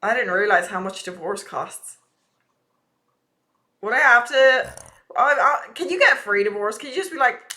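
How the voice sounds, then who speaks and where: A woman's voice: on the high side, animated, moderate pace, long pauses, sharp tone. A young woman streaming live, chatting casually and ranting with a lot of swearing.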